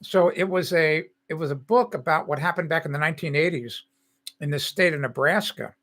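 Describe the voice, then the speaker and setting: A man in his sixties from the United States, hosting a live stream with a bright, forceful voice that sits a little high for a man. He rambles casually and breaks off to answer chat comments. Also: a little fast.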